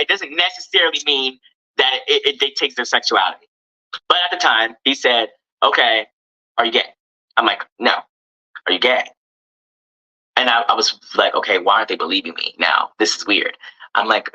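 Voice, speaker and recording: Guy with a low but really bright voice telling his own story, earnest and a bit halting, muffled clip sound. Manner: earnest, open, hesitant. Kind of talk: personal storytelling.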